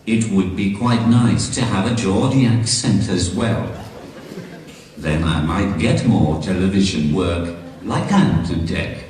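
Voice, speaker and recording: A man doing stand-up comedy through a synthesized text-to-speech voice, delivering deadpan jokes on a comedy stage. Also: low voice, takes it slowly, a little hiss or hum. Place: comedy stage in a large venue. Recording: echoey hall from far off.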